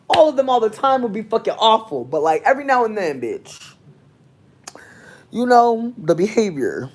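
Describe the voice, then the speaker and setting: A vlogger unloads a story to camera from home, swearing freely and lurching between low muttering and loud, excited bursts. The voice sits in a middle register, and a faint background noise sits under it. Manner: profane, heavy swearing. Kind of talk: casual rant to camera. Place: indoors, at home near a window.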